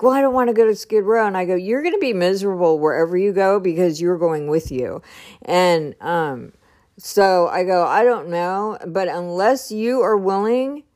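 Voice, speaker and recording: A woman's voice: fairly low pitch, darkish tone. A woman telling a story in a casual podcast monologue, acting out both sides of a conversation and laughing now and then. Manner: chatty, retells dialogue with lots of "I go" and "he's like", laughs often. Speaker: podcast host. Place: at home.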